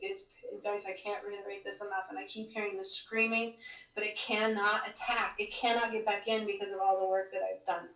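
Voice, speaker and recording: Flat-voiced woman reading in an echoey room. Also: mid-range voice, brisk. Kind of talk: reading aloud from a scroll. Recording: echoey room, far from the mic.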